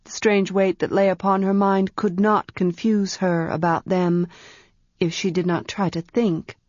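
Woman reading a story slowly, quiet and measured, dull dry lo-fi sound. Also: medium pitch, fairly even intonation, no room sound. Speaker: audiobook narrator. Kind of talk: scripted story narration.

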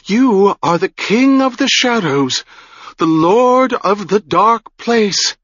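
A man's voice: mid-range voice, big pitch swings, slow pace, fairly bright tone, dry recording, muffled recording, heavily acted. A man voicing an old, grey-haired woman, a broken former sorceress who swings between whispering awe and wild anguish. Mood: awed, pleading. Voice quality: whispery, trembling, pleading.

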